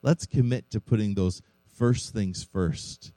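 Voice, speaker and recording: Deep-voiced, mellow male preacher. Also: slow pace, no echo, faint music behind, low-quality recording. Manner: earnest preaching with rhetorical questions. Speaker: pastor. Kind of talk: sermon.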